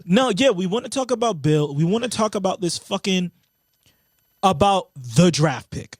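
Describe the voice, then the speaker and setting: A young man co-hosting a casual podcast, animated and profane, often laughing. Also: high voice, normal speed, no echo. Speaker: podcast co-host. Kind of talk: casual chat.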